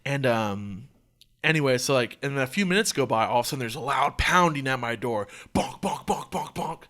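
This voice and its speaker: A young man hosting a podcast, telling a story in a casual, profane, animated way. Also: mid-range voice, fairly quick. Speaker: podcast host.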